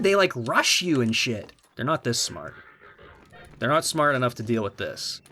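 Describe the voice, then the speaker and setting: Excitable young man ranting over gameplay. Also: mid-range voice, normal speed, slight background noise. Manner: excitable, sarcastic, swears and laughs often. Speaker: gaming YouTuber. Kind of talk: casual gameplay commentary.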